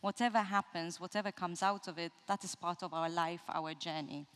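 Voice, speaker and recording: A woman moderating a masterclass, speaking in a reflective, measured way. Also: fairly low pitch, fairly even intonation, a bit bright, smooth. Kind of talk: masterclass conversation. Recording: reverberant hall.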